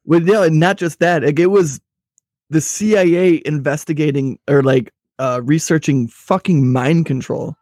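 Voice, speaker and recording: A man's voice: on the high side, moderate pace, darkish tone, no echo, studio quality. A man co-hosting a casual political chat show, rambling and swearing freely. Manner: rambling, profane, crude. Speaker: podcast co-host.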